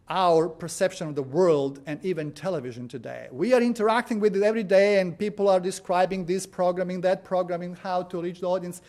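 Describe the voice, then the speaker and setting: High-voiced man telling sermon stories. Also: a little mellow. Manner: storytelling, frequent "uh" and "you know". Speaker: preacher. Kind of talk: sermon with anecdotes.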